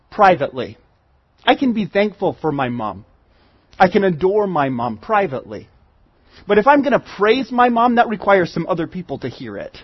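Male pastor, high husky voice, chatty sermon delivery full of restarts, muffled recording. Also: no room sound. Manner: conversational preaching with repeated restarts and stammers.

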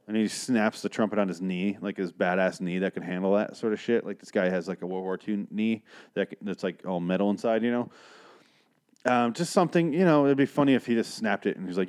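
A young man with a somewhat low voice recaps a TV episode in casual podcast style. He rambles from point to point, swears freely, and drops in sarcastic asides. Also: fast, a little mellow. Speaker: podcast host.

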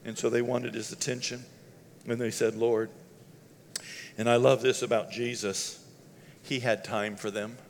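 A man preaching a sermon at a mid pitch, casual and conversational, with chuckles between phrases, then climbing to loud, fervent passages. His voice trails off into a long echo, like sound carried through a large hall. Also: level tone, normal speed, slight background noise. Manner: conversational, laughs between lines, rises to loud shouting passages. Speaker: pastor.

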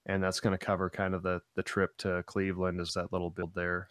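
Male host, low voice, dry close sound, loose rambling chat delivery. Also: completely flat delivery, a little fast, fairly bright tone, no echo. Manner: rambling, full of "like". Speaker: show host. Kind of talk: casual live-stream chat.

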